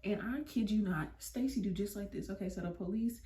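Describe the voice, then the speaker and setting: A young woman vlogger telling a story, animated and slangy. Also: mid-range voice, a little fast. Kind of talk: storytime vlog. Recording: roomy, mic at a distance.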